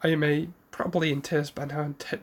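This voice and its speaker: A man's voice: a little high, level tone, normal speed. A man casually retelling a fan-made story, rambling with restarts and asides.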